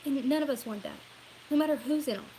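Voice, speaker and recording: A woman's voice: high voice, fast talker, warm tone, slight background noise, rough recording. A woman from Louisiana with a Southern accent, talking earnestly and rambling a bit in a casual opinion vlog, often saying y'all. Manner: rambling, earnest, says y'all, laughs at herself. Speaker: political vlogger.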